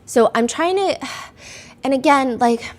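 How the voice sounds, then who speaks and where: Chatty woman podcast host, slightly high voice. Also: takes it slowly. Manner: chatty, conversational, reads out quotes in an animated way. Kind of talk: casual true-crime storytelling.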